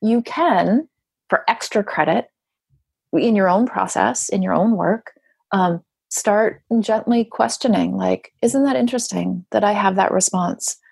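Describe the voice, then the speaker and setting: Guest, woman, raspy with vocal fry, wry teacherly delivery. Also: mid-range voice, unhurried, a little mellow, dry recording, clean studio sound. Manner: wry, emphatic, teacherly asides. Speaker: podcast guest, grief writer. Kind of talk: casual conversation.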